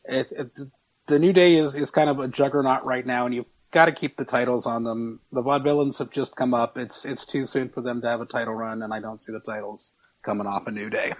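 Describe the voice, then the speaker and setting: A man's voice: medium pitch, fairly even intonation, fairly quick. A man giving his picks on a casual wrestling podcast, opinionated, with stumbling restarts. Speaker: podcast panelist. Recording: dull lo-fi sound.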